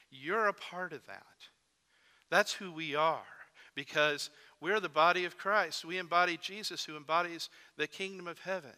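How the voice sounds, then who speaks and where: A man's voice: a little high, a little slow, pushed and bright, clear, resonant tone. A man preaching a sermon as pastor, emphatic and repeating key phrases with rising force. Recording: long reverb of a large church hall.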